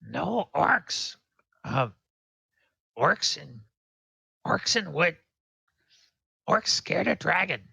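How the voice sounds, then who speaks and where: A man voicing a frightened small goblin prisoner who talks in halting, broken phrases. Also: a little high, very animated, gravelly, pushed and bright, slightly rough, dry recording, pitched above the performer's own voice, exaggerated voice. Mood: fearful.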